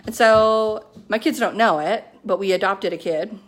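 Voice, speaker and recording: Excited woman, casual pep talk, lots of "like", home phone video, mid-pitched voice. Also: normal speed. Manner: excited, chatty, heavy on "like" and "you know". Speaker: network marketing team leader. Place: at home with her kids nearby.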